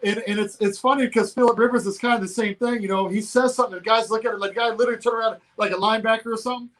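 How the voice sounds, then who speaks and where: A man co-hosting a casual political talk show, animated and laughing often, from Georgia in the United States. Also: high-pitched, racing, low-quality recording. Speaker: co-host.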